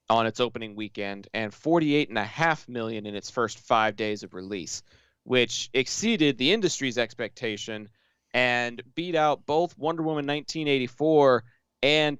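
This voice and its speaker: A man co-hosting a podcast, casually chatting and retelling stories with animated quoted asides. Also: medium pitch, clean tone, dry recording, lo-fi sound. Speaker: podcast co-host. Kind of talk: casual chat.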